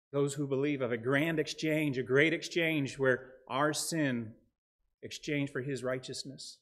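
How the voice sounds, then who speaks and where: A middle-aged man preaching a sermon as pastor, earnest with a touch of dry humor, reading scripture passages aloud. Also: on the high side.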